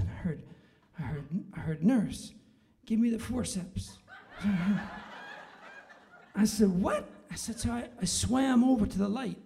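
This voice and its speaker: High gravelly-voiced male comedian. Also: dark tone, a little hiss or hum. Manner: playful, rambling, mock-dramatic storytelling with acted voices. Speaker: comedian and singer at the piano. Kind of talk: stand-up comedy storytelling. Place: live stage before an audience. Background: piano playing.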